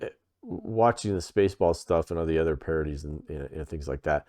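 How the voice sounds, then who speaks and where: Male podcast co-host, very deep, dry close mic, rambling filler-heavy storyteller. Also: a little fast, darkish tone, no echo. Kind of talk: casual chat.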